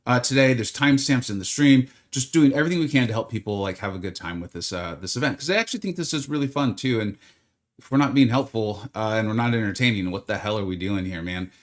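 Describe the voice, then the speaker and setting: A man streaming a game live, chatting casually and greeting viewers by name in a rambling, friendly way. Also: on the low side. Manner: rambling, with many fillers.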